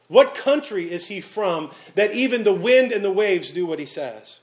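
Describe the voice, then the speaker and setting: A man delivering a sermon in a fairly high voice. He preaches earnestly, slowing down for weight and pausing for effect. He drifts into casual storytelling with small restarts. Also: lively intonation. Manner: earnest preaching with dramatic pauses and sudden slowdowns. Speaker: pastor.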